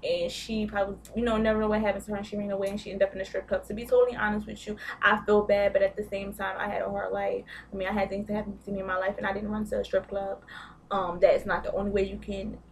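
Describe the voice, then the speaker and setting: A woman's voice: medium pitch, flat delivery, fast, creaky, far from the mic, a little hiss or hum. A young woman vlogging a casual, gossipy recap of a reality show, blunt and profane.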